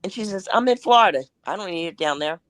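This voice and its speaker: A woman's voice: medium pitch, fast, no echo. A woman guest in a casual interview, telling anecdotes and acting out what people said. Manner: animated anecdotes with acted-out quotes.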